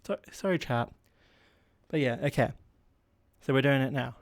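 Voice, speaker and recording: A man's voice: mid-range voice, normal speed. Giggly, rambling man. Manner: rambling, giggly and self-deprecating. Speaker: solo podcast host. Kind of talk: casual solo chat.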